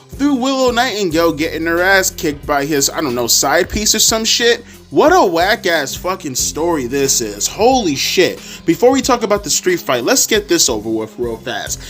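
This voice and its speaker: A man giving a sarcastic, exasperated, profanity-heavy rant reviewing a wrestling show. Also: fairly bright tone. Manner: mocking squeaky voices for people he quotes. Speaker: wrestling commentary podcaster.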